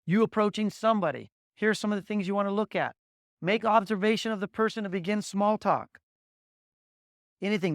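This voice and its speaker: Middle-aged male sales coach, high-pitched, lively, dry close sound, plays out small-talk examples. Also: fast, dry recording. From Las Vegas, Nevada. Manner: animated, acts out sample dialogues, repeats words. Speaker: sales trainer. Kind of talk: energetic training talk.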